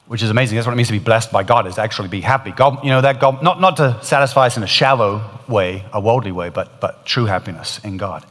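A man's voice: on the low side, quick pace, few pauses, a bit bright, long reverb tail. A man preaching a sermon, retelling a story in an earnest, emphatic way that swells and drops in intensity.

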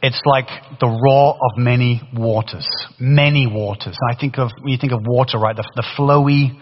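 A man preaching a sermon in a lively, conversational way, with a faded British accent and many restarts. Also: medium pitch, moderate pace. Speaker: pastor. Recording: dull sound in a long-reverb hall.

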